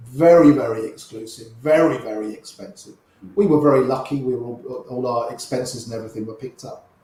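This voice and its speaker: This older man is a guest telling anecdotes in a chatty way, voicing the people in his stories as he quotes them. He speaks a little fast in a mid-range voice with a dark tone, and the room echoes heavily.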